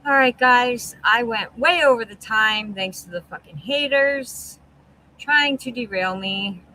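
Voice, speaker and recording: A woman's voice: on the high side, measured pace, pushed and bright, a little hiss or hum, poor audio. A woman hosting a livestream, reacting with exasperated, blunt, profanity-laden commentary. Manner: exasperated, heavy swearing, blunt.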